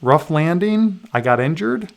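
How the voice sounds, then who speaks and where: A man with a gravelly, creaky voice talks through the rules of a board game he is playing on a livestream. He pauses often with fillers and pokes fun at himself as he checks the rulebook. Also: fairly high pitch, animated. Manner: halting, many fillers, self-deprecating asides. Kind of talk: casual rules walkthrough.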